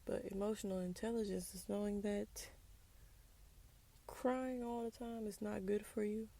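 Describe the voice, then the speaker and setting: Young woman hosting a casual solo podcast, sassy and candid, with a touch of fry in the voice. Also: medium pitch, little pitch movement, a little slow, dark tone. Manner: candid, sassy, drops into whispers for asides. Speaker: podcast host. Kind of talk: casual personal monologue.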